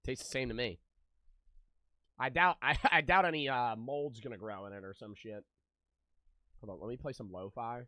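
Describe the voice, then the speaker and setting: A man's voice: medium pitch, normal speed, long pauses, bright, forceful tone, dry recording. A young man streaming, chatting loosely with his viewers, joking and swearing freely. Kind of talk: casual live-stream chat with viewers.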